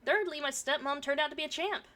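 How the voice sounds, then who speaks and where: A woman's voice: high voice, quick pace, pushed and bright. A woman streamer reading a forum story aloud and chatting about it, swearing casually, her throat a bit irritated from pollen.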